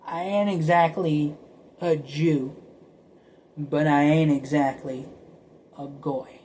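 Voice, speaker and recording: A man's voice: fairly high pitch, fairly even intonation, slow, a little mellow, a little hiss or hum, poor audio. A man talking to camera in a rambling, casual monologue, often repeating and stuttering over words and now and then dropping to a whisper. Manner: drops to whispers at times. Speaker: vlogger.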